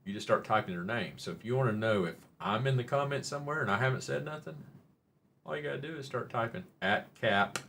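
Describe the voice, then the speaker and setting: A man's voice: mid-range voice, fast talker, vocal fry, fairly bright tone, slight background noise. A man with a Southern Oklahoma accent who hosts a casual live stream, chatting with viewers in a rambling, folksy, joking way. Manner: rambling and folksy, jokes with chat, says y'all.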